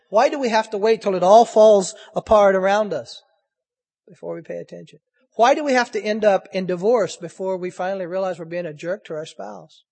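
A male preacher with a high voice delivers an impassioned sermon full of rhetorical questions. His words ring out in a long reverb, like a spacious church hall. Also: darkish tone.

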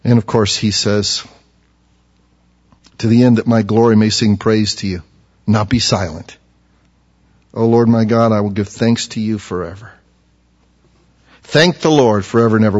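A man preaching a sermon, reading scripture aloud and building to fervent emphasis. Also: medium pitch. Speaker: pastor. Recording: dull lo-fi recording.

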